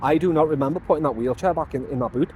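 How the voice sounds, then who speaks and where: A man's voice: fairly high pitch, very fast, darkish tone, slight background noise. A man with an English accent chatting casually while out shopping, full of small exclamations. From England. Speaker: vlogger.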